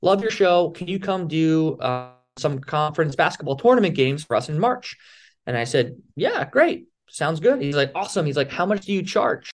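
A young man from the Philadelphia area telling stories as an interview guest, lively and acting out the other people's lines. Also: on the high side, normal speed. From Philadelphia area, USA. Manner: animated storyteller, acts out quoted dialogue. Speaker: guest, balancing performer. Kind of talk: casual storytelling interview.

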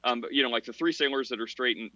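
A man's voice: medium pitch, racing, bright, forceful tone. A man co-hosting a casual religious discussion podcast, talking in long rambling runs full of fillers and laughing at himself. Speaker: podcast co-host. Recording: dull, dry podcast audio.

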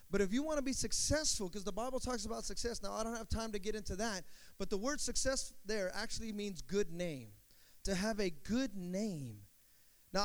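A middle-aged man preaching a sermon as pastor, calling for amens and stretching out words for emphasis. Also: high-pitched. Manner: call-and-response preaching, drawn-out emphatic words.

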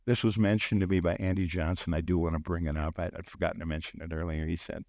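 A man's voice: deep voice, flat delivery, quick pace, gravelly, darkish tone, no echo, studio quality. A middle-aged man preaching a sermon, telling personal stories and acting out the people in them. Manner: storytelling, acts out quoted voices with sudden lifts. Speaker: preacher on a church teaching team.

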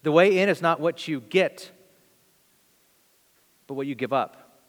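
A man preaching a sermon as pastor, animated and acting out quoted voices, with some stammers. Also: on the high side, measured pace. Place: church sanctuary. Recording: long reverb of a church hall.

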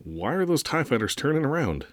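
A woman voicing a clever male space pirate in a gruff, lowered voice for a read-aloud story. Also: very animated, fairly quick, dry recording, exaggerated voice. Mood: scheming.

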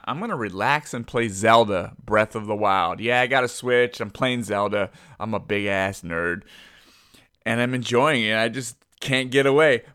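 Goofy, bright-voiced podcast host. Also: male voice, medium pitch, dry recording, clean studio sound. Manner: goofy, self-deprecating, jokey; conspiratorial hushed teasing at the start. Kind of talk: casual rambling podcast intro.

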